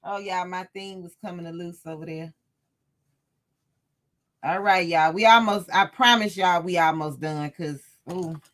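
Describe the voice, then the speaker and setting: In an unhurried way and with a fairly bright tone, this woman speaks in a voice on the low side. She hosts a casual livestream sewing lesson, chatting and often laughing with her live chat.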